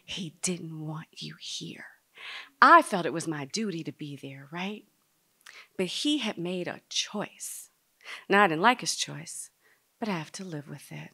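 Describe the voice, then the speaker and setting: A woman telling a personal story to a live audience, dramatic and speaking straight to the listeners, sometimes dropping to a hush. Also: on the low side, animated, unhurried, slightly rough. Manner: dramatic, drops to a hush at tender moments.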